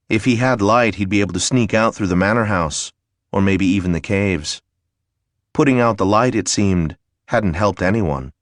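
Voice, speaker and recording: A male audiobook narrator with a low voice reads scripted narration. The studio sound is clean, with no room sound.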